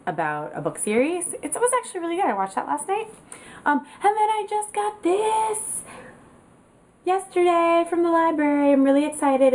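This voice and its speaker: A young woman chatting casually to camera in a home video, upbeat and full of fillers. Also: medium pitch. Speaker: vlogger.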